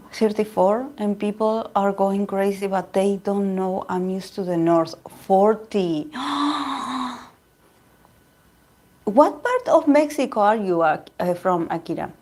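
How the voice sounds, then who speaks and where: Argentine woman, Spanish native, tarot host; rambling, restart-prone casual chat, mid-pitched. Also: measured pace, few pauses, darkish tone. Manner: chatty and rambling, with frequent laughs and restarts. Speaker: tarot reader and channel host. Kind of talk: casual livestream chat with viewers.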